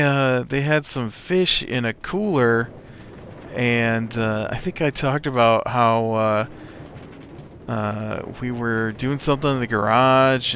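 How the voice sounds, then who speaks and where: A man's voice: medium pitch, a bit bright, a little hiss or hum. A man hosting a let's play, telling a rambling story full of uhs and restarts with a wry edge while he plays. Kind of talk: casual storytelling while playing a game.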